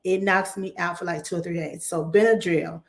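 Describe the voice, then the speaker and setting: A woman speaks to her viewers in a slightly low voice that still carries some hoarseness from a bout of laryngitis. She rambles through her story with plenty of restarts and animated asides. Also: moderate pace. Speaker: vlogger. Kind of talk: casual chatty talk to camera.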